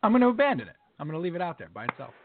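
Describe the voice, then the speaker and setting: Podcast co-host, man, high lively voice, jokey and quick to laugh, thin phone-like sound. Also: a little hiss or hum. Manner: animated, laughs often, breaks into mock British singing. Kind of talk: casual sports chat.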